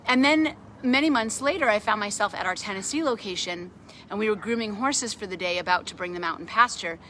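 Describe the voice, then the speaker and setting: A middle-aged woman who runs an animal sanctuary tells a personal story in a casual, animated way. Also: mid-range voice, a little fast, a little hiss or hum. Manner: animated, grows excited while retelling a story. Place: outdoors at a farm sanctuary.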